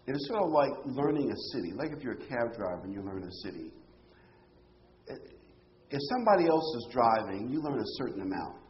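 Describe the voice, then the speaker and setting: A man's voice: mid-range voice, sing-song, moderate pace, dull audio, a little hiss or hum. A man preaching a Bible-teaching sermon, explaining scripture with rhetorical questions and emphatic phrases.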